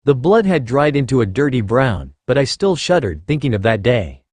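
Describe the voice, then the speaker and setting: A man narrating a first-person fan fiction story in an expressive reading style. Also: medium pitch, moderate pace, no echo.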